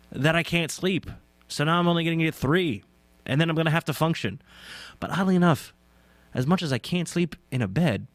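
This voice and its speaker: A man's voice: a little high, no echo. A young man hosting his own show, rambling casually and self-deprecatingly, with many fillers and restarts. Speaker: podcast host. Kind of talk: casual solo talk. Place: indoors, on a couch.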